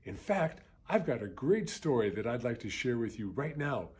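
A man in his fifties, a schoolteacher, reading a children's picture book aloud in a gentle, expressive storyteller's voice. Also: medium pitch, normal speed, breathy edge.

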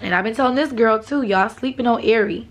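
A young woman vlogging casually to her viewers, relaxed and chatty, with a husky morning voice and a cough. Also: on the high side, fast. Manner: relaxed, chatty, laughs often. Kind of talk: casual vlog talk to viewers.

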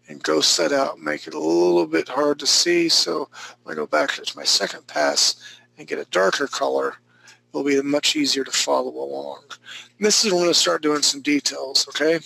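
A man's voice: on the high side, normal speed, creaky, pushed and bright, husky, no echo, low-quality recording. A male drawing instructor running a live class. He talks through each step in an easygoing, joking way.

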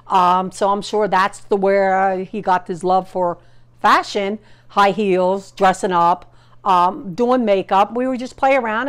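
A woman's voice: medium pitch, clear, resonant tone. A middle-aged woman, the performer's aunt, telling rambling family stories in a documentary interview. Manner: rambling, storytelling.

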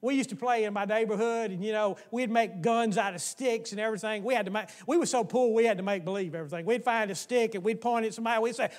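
Animated preacher, high voice, echoing hall. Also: male voice, rapid-fire, few pauses. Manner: folksy, animated, acts out playground voices. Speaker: pastor. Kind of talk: sermon.

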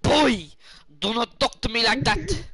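A young man doing a furious immigrant father scolding his boy, shouting high and slow with a bright, hard edge. Each threat is drawn out and stressed. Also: lively intonation, slightly rough, heavily acted. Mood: angry scolding.

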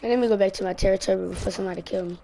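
A woman streaming a game live, chatting to herself and other players with teasing, excitable commentary on a headset. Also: medium pitch, rapid-fire, gravelly. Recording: steady noise behind the voice.

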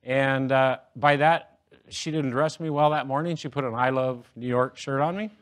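A man's voice: medium pitch, fairly even intonation, normal speed. A middle-aged man giving a humorous, self-deprecating speech to an audience, telling jokes and stories. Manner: joking, self-deprecating storyteller. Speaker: motivational speaker.

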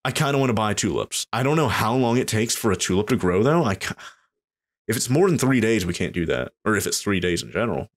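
A man giving casual let's play commentary, thinking aloud and getting excited at surprises. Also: lowish voice. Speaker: gameplay commentator.

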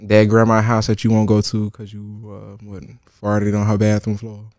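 A young man hosting a comedic story time, animated and profane, jumping from loud outbursts to hushed asides. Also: lowish voice, moderate pace, dry recording, clean studio sound. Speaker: host.

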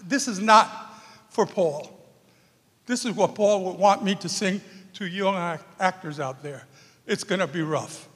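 High-voiced emotional man in echoey hall. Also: a little slow. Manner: animated, emphatic, sings a song. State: emotional, nervous. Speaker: memorial speaker and acting teacher. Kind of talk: emotional memorial speech. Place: theater stage.

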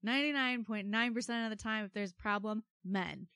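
A woman's voice: medium pitch, brisk, clear, resonant tone, no echo, studio quality. Wry woman co-hosting a podcast. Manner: wry, animated storytelling. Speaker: podcast co-host. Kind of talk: casual true-crime podcast chat.

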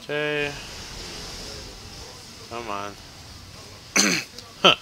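A man's voice: on the high side, big pitch swings, extremely slow, creaky, bright, forceful tone, slight background noise, low-quality recording. A man giving casual, joking let's-play commentary as he plays, chatty and laughing often. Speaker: gameplay commentator.

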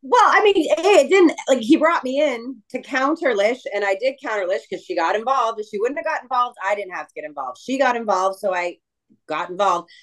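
A middle-aged woman speaking as a guest, her voice sitting at an ordinary pitch. She talks in an emotional, halting way, often restarting her sentences mid-thought. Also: lively intonation, a bit bright, rough recording. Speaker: guest wrestler. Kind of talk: casual interview chat.

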